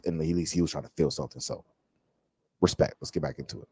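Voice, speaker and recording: Talking directly to viewers, a reaction channel host muses out loud and repeats words while searching for what to say. He speaks fast in a bass voice that is a little mellow, with a breathy edge.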